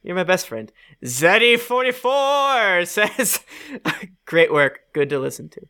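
A woman's voice: fairly low pitch, big pitch swings, slow pace, background noise. A woman co-hosting a casual podcast, reading listener reviews aloud in a playful, laughing way. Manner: playful, laughing, reads reviews with exaggerated voices.

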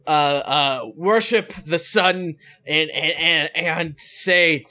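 A man's voice: fairly high pitch, slow, few pauses, bright, forceful tone. A man narrating a tabletop game as game master, playful and laughing often. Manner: playful, laughing, many fillers.

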